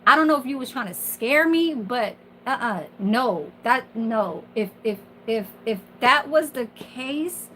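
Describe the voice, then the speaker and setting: A woman's voice: on the high side, lively intonation, measured pace, hardly any pauses, sharp tone, slight background noise, poor audio. A woman in her forties, a kitchen worker, venting in a casual, rambling monologue full of fillers and swearing. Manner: candid, profane, rambling with many fillers.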